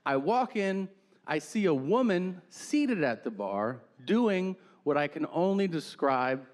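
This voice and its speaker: A man's voice: on the high side, big pitch swings, takes it slowly, big-room sound. A man doing stand-up comedy, telling profane, exaggerated stories on stage.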